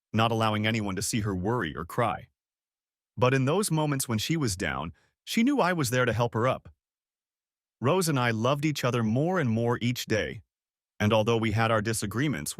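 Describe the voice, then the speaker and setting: A man narrating a first-person audiobook story in a steady, expressive way. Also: mid-range voice, no room sound, studio quality.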